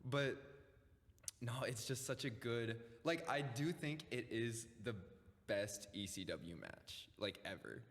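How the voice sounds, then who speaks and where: An excitable young man talks about wrestling as a podcast guest. He swears freely and laughs easily as he speaks. His voice has a long reverb around it. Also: medium pitch, slow pace. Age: young adult. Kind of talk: casual chat.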